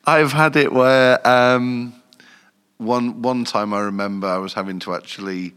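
A man's voice: mid-range voice, fairly even intonation, slow, fairly bright tone, clean tone, long reverb tail. A man, a nightclub manager, chatting casually and telling anecdotes with frequent laughs. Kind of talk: casual podcast chat.

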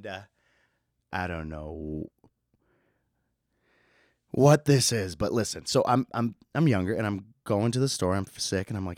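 A young man chats casually on his own podcast. His speaking voice sits a little low and sounds close and very dry. He swears freely and laughs at his own stories. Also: animated, normal speed, long pauses, a little mellow, no echo. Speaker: podcast host. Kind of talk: casual solo podcast chat.

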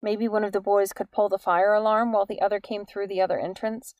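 A woman reading an audiobook in an even, measured storytelling manner. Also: medium pitch, dry recording. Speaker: audiobook narrator. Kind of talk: scripted narration.

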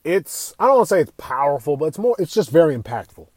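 Excitable, profane young man ranting. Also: on the high side, fast talker, no echo. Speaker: podcast host. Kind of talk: casual gaming commentary.

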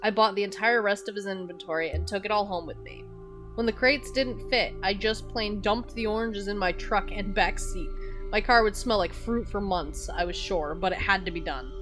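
A woman reads a horror story aloud for her podcast at a middle pitch. She acts out the characters' lines with loud, dramatic shouting. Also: moderate pace, music in the background. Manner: breaks into laughter, loud dramatic shouting in dialogue. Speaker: podcast host reading stories. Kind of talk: reading horror stories aloud.

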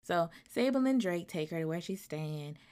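A woman retelling a novel's plot in a casual chat, acting out the characters' lines and breaking into loud, colloquial asides. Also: lowish voice, lively intonation, normal speed, clear, resonant tone. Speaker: book reviewer. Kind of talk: casual book recap.

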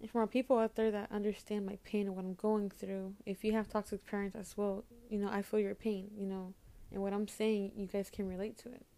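Tearful young woman venting, mellow voice. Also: medium pitch, little pitch movement, vocal fry. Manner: halting, repeats words, close to tears. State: upset, holding back tears. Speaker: vlogger. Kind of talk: emotional personal vent to camera.

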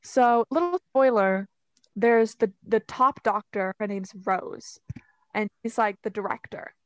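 A woman's voice: medium pitch, unhurried, dry recording. A young woman casually retelling a story on a podcast, chatty and full of "like" and "you know.". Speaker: podcast co-host.

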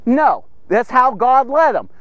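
A man with an extremely high-pitched voice speaks slowly, recorded with no echo and the highs cut off. As a devotional podcast teacher giving a casual Bible lesson, he keeps checking in with "okay?" and "here's the thing," animatedly acting out the people in the story.

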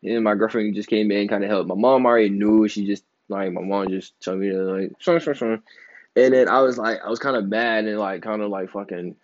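A man's voice: lowish voice, fairly even intonation, brisk, few pauses, muffled recording, a little hiss or hum. A man in his twenties talking casually and loosely in a solo podcast, rambling, slangy and emphatic. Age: 20s. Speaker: podcast host.

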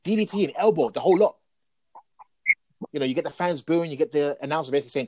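A man talking casually about wrestling as a podcast co-host, telling stories in an animated, excitable way. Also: fairly high pitch, quick pace, long pauses, a little hiss or hum, low-quality recording.

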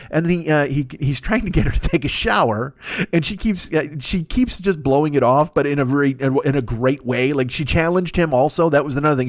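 A man hosting a podcast, riffing through a profane comic monologue with bursts of laughter. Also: fairly high pitch. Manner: animated, swearing, bursts of laughter. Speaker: podcast host.

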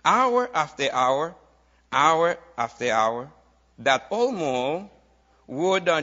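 A high-pitched man delivers a sermon at an unhurried, drawn-out pace. He repeats key phrases in a steady preaching rhythm, and the lo-fi recording sounds muffled. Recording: dull lo-fi recording.

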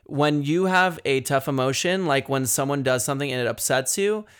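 A man's voice: medium pitch, normal speed, a bit bright, clean tone. A man talking as a guest on a podcast, earnest and frank, thinking aloud with fillers and casual swearing.

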